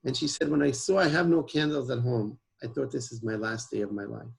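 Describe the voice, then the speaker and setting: A man's voice: mid-range voice, steady tone, brisk, gravelly, breathy edge, poor audio. A man, guest in an interview, earnestly telling a personal story and mixing in Hebrew words. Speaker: guest, emergency service founder.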